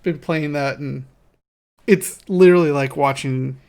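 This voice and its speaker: A young woman co-hosting a podcast in casual chat, chatty with quick asides and frequent laughs. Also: deep voice, darkish tone. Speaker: podcast co-host.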